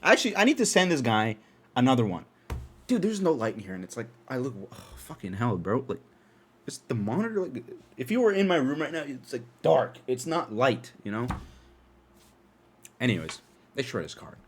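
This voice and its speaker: A young man hosting a podcast from his dark room at home, telling a story in an animated, profane way and laughing often. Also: medium pitch, moderate pace, pauses often, breathy edge. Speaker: podcast host. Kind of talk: casual storytelling.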